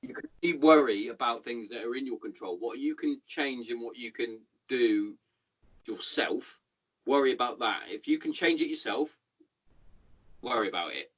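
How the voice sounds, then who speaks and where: A man in his thirties with an English accent, hosting a podcast in casual, sweary, animated chat. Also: mid-range voice, moderate pace, breathy edge, low-quality recording. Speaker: podcast host.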